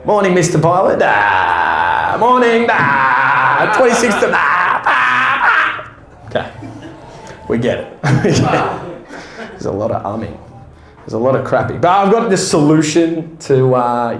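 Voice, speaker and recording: A man's voice: mid-range voice, darkish tone, a little hiss or hum. An Australian man working through a stand-up set in a loose, self-deprecating way, with swearing scattered through his lines. His voice sits in a middling register. A small room adds a noticeable echo. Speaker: stand-up comedian. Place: small room at a fringe festival show.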